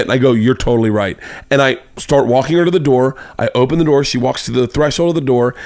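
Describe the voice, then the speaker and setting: A man's voice: mid-range voice, quick pace, a little mellow, no room sound. A man hosts a casual podcast chat, rambling through a raunchy anecdote and raising his voice to act out what others said. His voice sits in an ordinary middle register. It is recorded close and dry in a home studio. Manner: rambling raunchy anecdote, acts out quotes with a raised voice. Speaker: podcast host.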